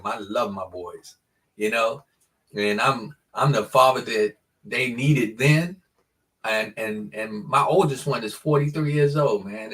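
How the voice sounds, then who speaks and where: A man in his sixties, a podcast guest telling his life story in an earnest, halting way with frequent restarts. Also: mid-range voice, a bit bright, far from the mic. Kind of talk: personal storytelling in an interview.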